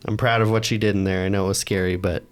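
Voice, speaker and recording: A man playing a tabletop game, speaking gently and reassuringly in character. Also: sits low, level tone, racing, soft background music. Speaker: player.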